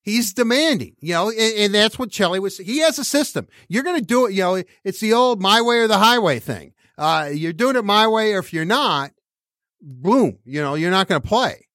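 A man with a fairly high voice hosts a casual sports podcast. He rambles and restarts his sentences often, and the sound is dry and close. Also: expressive, moderate pace, fairly bright tone, no echo. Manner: rambling, many restarts, laughs while talking. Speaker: podcast host.

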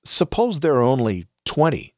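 A man's voice: mid-range voice, big pitch swings, moderate pace, no echo, clean studio sound, voice pushed up. A man reading as an old patriarch pleading. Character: pleading elderly male patriarch bargaining. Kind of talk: scripture reading.

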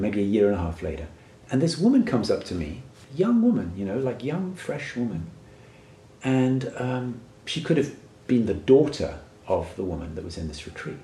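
A man's voice: on the low side, a little mellow, echoey room, slight background noise. A man who works as a workshop facilitator tells a personal story in an earnest, reflective way and often checks in with "right?".

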